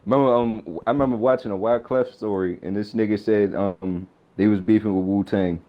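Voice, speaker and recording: A man co-hosting a podcast in casual chat, telling stories in an animated, slangy, emphatic way. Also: on the low side, a little fast, dull audio. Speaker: podcast co-host.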